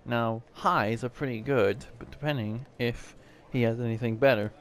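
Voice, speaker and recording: A man giving casual commentary while playing a casino card game, excitable, laughing and swearing as he wins and loses. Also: mid-range voice, normal speed. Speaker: gameplay video creator.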